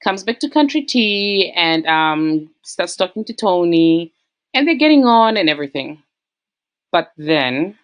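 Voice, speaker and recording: A woman casually retelling a relationship story, acting out the quoted lines. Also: on the low side. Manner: acts out quoted voices with lively shifts.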